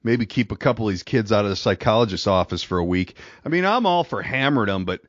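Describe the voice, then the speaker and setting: A man's voice: on the low side, lively intonation, quick pace, no room sound, muffled recording. A middle-aged man co-hosting a podcast, telling a long rambling story in casual chat and laughing through it. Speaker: podcast co-host.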